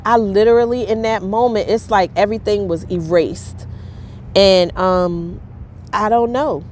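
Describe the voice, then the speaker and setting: Candid woman vlogging, halting and frank. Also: medium pitch, a little mellow, a little hiss or hum. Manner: candid, halting, many fillers. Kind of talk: personal vlog monologue.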